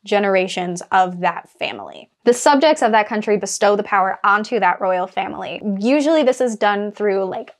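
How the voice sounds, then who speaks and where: A young woman from the United States giving a casual, chatty lesson on storytelling, with frequent filler words and lively jumps in pitch. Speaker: writing tutor. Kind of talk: casual explanatory talk.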